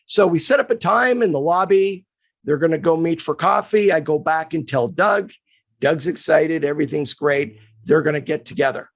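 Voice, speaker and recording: A male sports agent telling a story on a podcast, animated and acting out the quotes, in a dry, close recording. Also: a little high, normal speed, dry recording.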